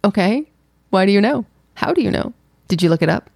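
A woman's voice: medium pitch, animated, fairly quick, vocal fry, a little mellow, breathy edge, no echo. A woman co-hosting a podcast, chatting casually and teasing her co-host playfully. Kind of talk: casual chat.

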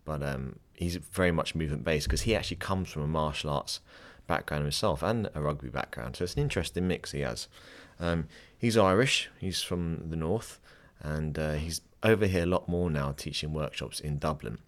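A man's voice: extremely low pitch, moderate pace, hardly any pauses. A man in his thirties hosting a podcast, giving a chatty, upbeat, rambling intro from his home studio. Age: 30s. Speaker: podcast host.

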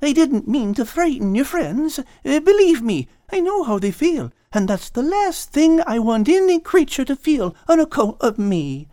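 A man's voice: very high-pitched, sing-song, unhurried, few pauses, warm tone, dry recording, studio quality, voice pushed up, full character voice. A man voicing a big, nervous male cat in an audiobook, hesitant and apologetic. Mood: pleading.

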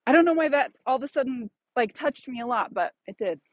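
A woman's voice: high-pitched, lively intonation, quick pace, dry recording, muffled recording. A woman hosting a podcast in casual chat, thoughtful and searching, with plenty of fillers and restarts. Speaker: podcast host.

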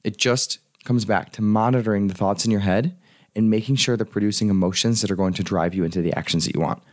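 Fast-talking, low-voiced male coach. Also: fairly even intonation, darkish tone. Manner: casual, earnest, swears freely. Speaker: life and business coach. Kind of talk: solo podcast monologue.

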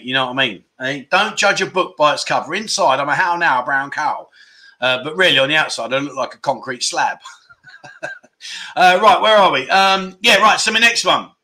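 A man hosts a relaxed livestream, bantering and joking as he reacts to viewers. His voice sits fairly high with a bright, forward edge. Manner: chatty, jokey, reads viewer comments aloud. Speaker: livestream host. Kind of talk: casual livestream chat.

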